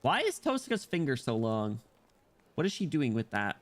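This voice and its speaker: A man streaming a visual novel on a headset mic, reacting loudly and excitably. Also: mid-range voice, moderate pace. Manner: excitable, loud reactive outbursts, swearing. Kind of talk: casual game stream commentary.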